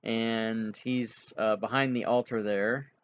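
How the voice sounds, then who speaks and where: A man's voice: lowish voice, fairly even intonation, clear, resonant tone. Guy dming a tabletop game, lots of ums, dull lo-fi sound. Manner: halting, filler-heavy, chuckles at players. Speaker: game master.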